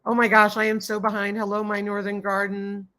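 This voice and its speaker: A woman's voice: mid-range voice, completely flat delivery, brisk, fairly bright tone. A woman hosting a casual live stream, greeting viewers by name, reading chat comments aloud and gushing with thanks. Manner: gushing and grateful toward viewers. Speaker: livestream host.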